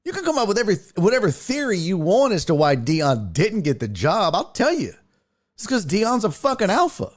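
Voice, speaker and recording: Profane, animated sports host man. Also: sits high, fairly quick. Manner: blunt, profane, opinionated. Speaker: sports talk show host. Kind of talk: casual sports rant, live stream.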